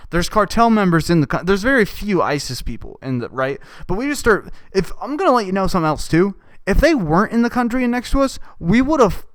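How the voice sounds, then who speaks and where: A man's voice: a little high, dry recording. A man hosting a comedy podcast, ranting sarcastically with lots of swearing. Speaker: podcast host.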